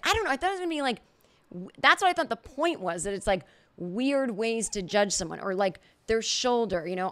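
Animated woman telling a comic story. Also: mid-range voice, fairly quick. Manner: animated storytelling, acts out quoted reactions. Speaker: podcast host. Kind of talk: casual comedic monologue.

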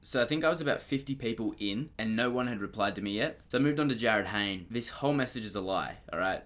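A young man narrating a casual comedic vlog, joking and self-mocking, with sudden loud, high outbursts. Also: expressive, fast. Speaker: vlogger.

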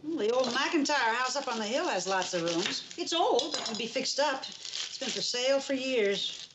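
A wisecracking housekeeper in a 1970s sitcom. Her slightly high voice stays dry and teasing, and she sinks into a spooky hush to needle the family. The old soundtrack carries clear noise. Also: animated, normal speed. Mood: gossipy. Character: wisecracking housekeeper who loves spooky gossip.

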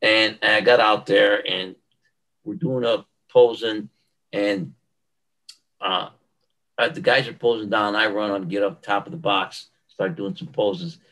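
Older man, podcast guest, bright voice, animated and emphatic storyteller, repeats himself for effect. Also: on the low side, unhurried, poor audio. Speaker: guest, retired bodybuilder. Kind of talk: casual interview storytelling. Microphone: podcast microphone.

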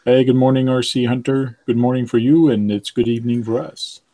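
A man's voice: mid-range voice, steady tone, a little fast, mellow, no room sound, rough recording. A man whose first language is French, hosting a casual live stream and reading viewer comments aloud with many fillers. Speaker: livestream host.

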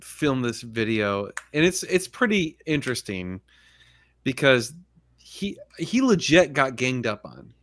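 A man's voice: mid-range voice, big pitch swings, slow, fairly bright tone. A man hosting a casual livestream chat, talking in a laid-back, rambling way and laughing often. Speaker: podcast host.

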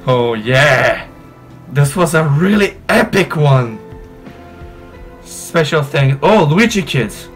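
A man doing let's play commentary, excitable, swearing and bursting into shouts. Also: on the high side, takes it slowly, pauses often, faint music behind. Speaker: gaming youtuber.

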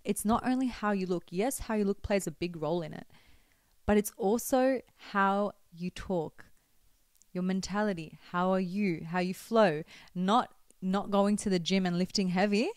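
A young woman talking to camera in a chatty, expressive way, giving faith-based advice with teasing asides to her viewers. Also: mid-range voice, moderate pace, no echo. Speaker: vlogger.

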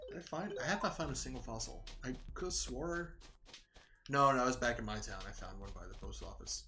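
A young man casually talking to himself while playing a video game, rambling and relaxed, now and then yawning, at a home desk mic. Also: medium pitch, a little fast. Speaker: gaming video creator. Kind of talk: casual gameplay commentary. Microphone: desk microphone at home. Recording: faint game music behind.

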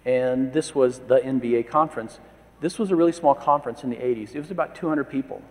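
A man's voice: medium pitch, quick pace, a little mellow. A man in his fifties giving a conference presentation, telling anecdotes with wry asides. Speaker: conference speaker. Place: conference hall. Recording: long reverb of a large hall.

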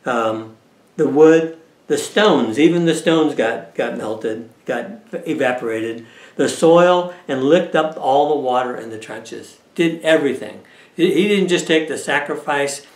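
A man's voice: mid-range voice, lively intonation, unhurried, darkish tone. A man teaching a Bible study lesson in a conversational way, often checking in with his listeners. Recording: echoey room.

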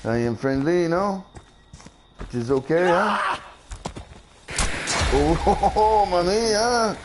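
A man's voice: sits high, takes it slowly, noisy background. A man doing a chuckling French Canadian slasher. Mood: playful. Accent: put-on French Canadian. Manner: chuckling, ends lines with "huh?". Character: cheerful French Canadian male slasher, creepily friendly. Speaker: streamer. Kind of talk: comic live game commentary in character. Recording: game music loud behind voice.

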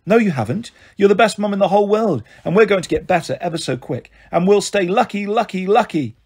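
A man's voice: high-pitched, big pitch swings, a little fast, a little mellow, husky, exaggerated voice. A man voicing a brave, anxious young girl who pleads and reassures her family.

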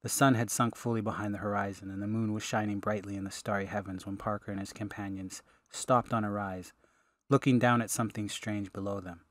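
A man, the author, reading his fantasy audiobook in steady, measured narration. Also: lowish voice, dry recording. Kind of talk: scripted narration.

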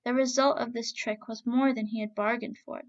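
A woman narrating a folk tale in a steady, expressive reading voice. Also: a little high, moderate pace, highs cut off. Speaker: storyteller. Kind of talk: storybook narration.

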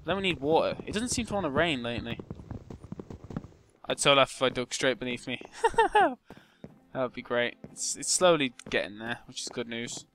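A young man giving casual gameplay commentary, muttering to himself and breaking into loud, excitable shouts. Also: medium pitch, a little fast. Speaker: gaming channel host.

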